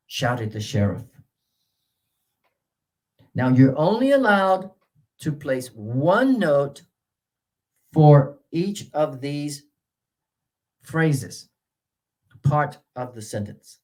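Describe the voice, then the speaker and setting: A man giving a workshop lecture to English teachers on word stress. He talks in halting stretches full of uh and restarts, then swoops his pitch up to model stressed syllables. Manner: halting, with many uh fillers and restarts.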